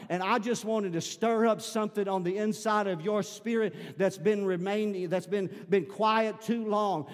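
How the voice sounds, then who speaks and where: A male pastor preaches with a notably high voice, moving between intimate asides and rising, fervent shouts. His words ring out with a long hall reverb behind them, as if he stands in a large sanctuary. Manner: preaching, swelling into loud shouting at climaxes. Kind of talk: sermon.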